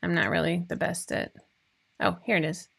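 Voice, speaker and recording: A woman's voice: fairly low pitch, flat delivery, normal speed, vocal fry, husky. A woman in her forties hosting a casual chat for her viewers, talking in a chatty, rambling way with frequent laughs. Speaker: host of a sewing pattern show.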